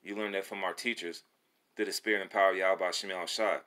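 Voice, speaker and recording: A man preaching casually and excitedly with streetwise slang and frequent swearing, reading scripture between remarks. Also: sits low, fairly quick. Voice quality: profane, slangy speech. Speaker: religious video presenter. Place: Atlanta.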